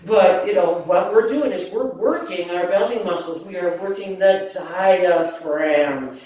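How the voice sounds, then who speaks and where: A woman leading a laughter yoga talk, lively and playful, often breaking into laughter. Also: lowish voice, a little slow. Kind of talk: talk to a group. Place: community hall. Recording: echoey hall, mic at a distance.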